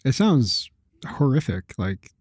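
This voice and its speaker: Lively-voiced man joking along. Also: medium pitch, no echo, studio quality. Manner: joking, chimes in with quick bits. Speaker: podcast host. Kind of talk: casual chat.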